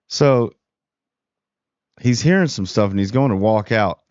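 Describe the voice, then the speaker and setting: A man's voice: lowish voice, a little slow, clean tone, dry recording. A man hosting a casual spoiler review, talking in slang and acting out the characters' lines. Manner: slangy and animated, acts out character quotes. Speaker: TV review host. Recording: dull lo-fi dry sound.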